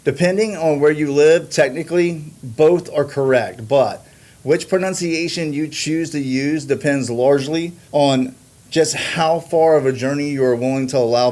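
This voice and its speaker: Casting: man, scripted watch-review host, admiring and deliberate. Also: mid-range voice, darkish tone. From United States. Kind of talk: scripted product review narration.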